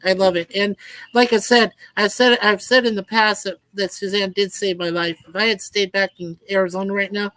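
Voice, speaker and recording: A man's voice: high-pitched, steady tone, moderate pace, sharp tone, no echo, poor audio. A man hosting a casual livestream chat, talking in a chatty way with frequent laughs. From lives in Toronto, Canada. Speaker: livestream host.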